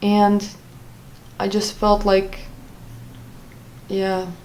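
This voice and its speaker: A woman's voice: medium pitch, completely flat delivery, extremely slow, darkish tone, slight background noise, low-quality recording. Hesitant woman vlogger full of fillers. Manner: hesitant, many "like" fillers and self-corrections. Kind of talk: personal storytime vlog.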